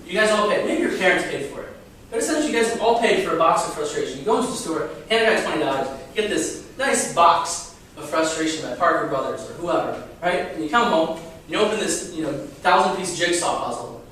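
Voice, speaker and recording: A man's voice: a little high, animated, brisk, fairly bright tone, slight background noise. A young man giving an informal class to students, chatty and full of rhetorical questions, often stumbling and repeating himself. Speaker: student lecturer. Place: classroom with a live audience. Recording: echoey room, voice from far off.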